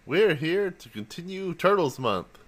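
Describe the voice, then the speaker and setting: A man's voice: fairly high pitch, very animated, unhurried, fairly bright tone. A man co-hosting a podcast, easygoing, reading notes aloud with fillers. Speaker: podcast co-host. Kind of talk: casual podcast chat.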